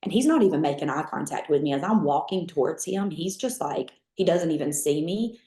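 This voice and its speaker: A woman with a Southern American accent, telling her life story as a lively, chatty interview guest full of fillers. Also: low voice, fairly quick, echoey room. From Southern United States. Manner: lively, chatty, many fillers, mimics others in quotes. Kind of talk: animated storytelling in conversation.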